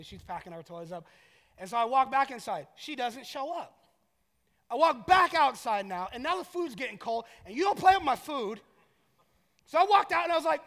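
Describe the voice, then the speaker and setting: A man's voice: extremely high pitch, a bit bright. A man in his thirties, a pastor preaching a sermon in a casual, joking storytelling way, in a large church hall.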